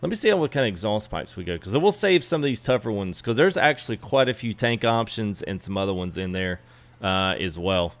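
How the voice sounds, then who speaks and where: A man's voice: on the low side, expressive, fairly quick. Casual man streaming a game. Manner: casual, greets chat viewers by name. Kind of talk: live gameplay stream chat.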